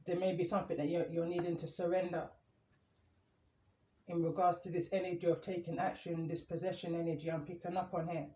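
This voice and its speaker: A man doing a calm, meandering tarot reading, reading the cards aloud as he draws them. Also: on the high side, a little fast. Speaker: tarot reader. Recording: echoey room, muffled lo-fi sound.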